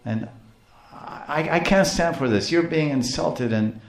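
A man voicing an upset, indignant four-year-old prince in a higher voice. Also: reverberant. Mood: defiant. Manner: whiny, indignant, halting.

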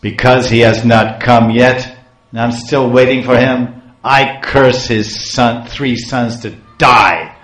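Man doing an angry holy man cursing, loud and slow, echoey room. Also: medium pitch, steady tone. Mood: furious. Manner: raised, forceful, drawn out. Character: angry hungry saint cursing, stern man. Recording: roomy echo.

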